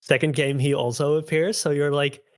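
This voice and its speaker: Enthusiastic podcast guest, rambly casual chatter, mid pitch, dry close mic. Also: steady tone, moderate pace, a little mellow, dry recording. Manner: rambling and enthusiastic, many fillers. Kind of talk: casual chat.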